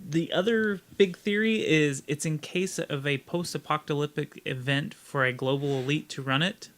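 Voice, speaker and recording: A man's voice: a little high, normal speed, fairly bright tone. A man co-hosting a casual group podcast, rambling with frequent restarts and laughing at his own points. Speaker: podcast co-host.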